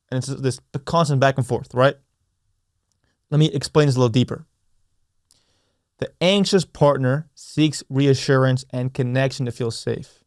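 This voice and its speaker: A young man hosts his own podcast, talking in an earnest, reflective way. He circles back and repeats his key phrases with slow emphasis. His voice sits at an ordinary middle pitch, recorded close and dry with no room sound. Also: no room sound. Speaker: podcast host. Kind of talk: reflective solo podcast talk.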